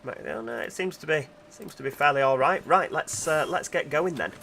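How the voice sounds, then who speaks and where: A man's voice: fairly high pitch, animated, fairly quick, gravelly, sharp tone, a little hiss or hum. A man, chatting casually while he streams a game and greets viewers. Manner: chatty, reads out chat messages while driving. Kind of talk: casual livestream commentary.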